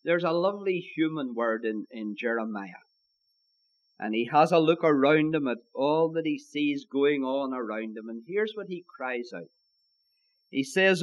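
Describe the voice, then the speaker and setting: A man's voice: medium pitch, lively intonation, measured pace, highs cut off. A man with an Irish accent preaching a sermon, emphatic, repeating his key lines and calling his listeners his friends.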